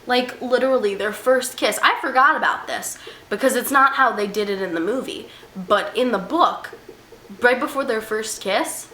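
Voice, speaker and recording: A young woman vlogs in a bright, sharp voice, chatty and self-mocking. She swings between quick asides and mock outrage. She is recorded on a camera mic in a roomy room, with a faint hiss behind her. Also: mid-range voice, lively intonation. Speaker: book vlogger. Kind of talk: casual reaction vlog.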